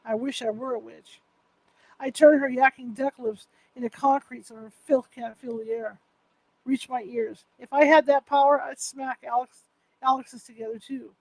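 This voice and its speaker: Very high-voiced woman reading her novel. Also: fairly even intonation, normal speed, darkish tone, no room sound, rough recording. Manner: unpolished, restarts and self-corrections. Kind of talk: first-person novel reading aloud.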